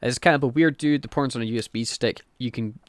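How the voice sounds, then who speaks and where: Sweary, animated male podcast co-host. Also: medium pitch, fast, no echo. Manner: animated, sweary, acts out quotes. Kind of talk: casual chat recapping a TV show.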